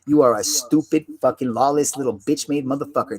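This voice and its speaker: A man's voice: mid-range voice, fairly quick. A man delivering a rambling, agitated monologue, swearing constantly and repeating himself. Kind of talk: rambling profane rant.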